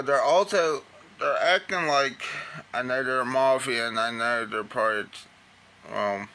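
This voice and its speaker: Slow, halting man with a bright voice. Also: medium pitch, a little hiss or hum. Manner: halting, rambling. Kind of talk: rambling casual anecdote.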